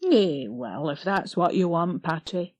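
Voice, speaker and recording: An easygoing middle-aged gardener, as a woman reader lowers her voice for him, mild and unhurried in plain country dialect. The storybook recording is dry and close. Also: expressive, a little mellow, no echo. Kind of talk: audiobook character voice.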